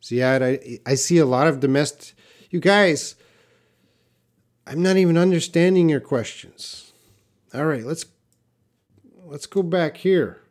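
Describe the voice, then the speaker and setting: A man's voice: on the high side, measured pace, long pauses. A Canadian man teaching English on a live stream, reading viewers' comments aloud and answering them bluntly.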